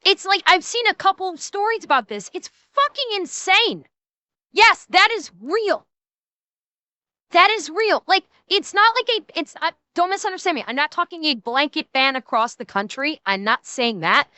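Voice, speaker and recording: A woman's voice: very high-pitched, expressive, moderate pace, bright, forceful tone, dry recording. A woman streamer giving casual reaction commentary, rambling, laughing and swearing freely.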